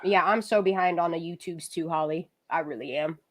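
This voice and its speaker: A woman's voice: on the low side, fairly quick. A woman hosting a casual livestream, talking loosely and swearing freely. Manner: loose, profane, chatty. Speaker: livestream host. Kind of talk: casual live-stream chat.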